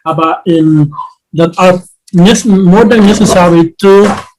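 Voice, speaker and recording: A man teaching an English lesson, reading drill sentences slowly and reassuring his students with many restarts. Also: high-pitched, a little mellow, a little hiss or hum, low-quality recording. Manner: reassuring, repeats himself with restarts.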